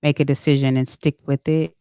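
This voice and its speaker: A woman's voice: very deep voice, level tone, a little fast, mellow, smooth, no room sound, studio quality. Earnest, effusively grateful woman guest. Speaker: author and interview guest. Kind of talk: casual interview chat. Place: studio.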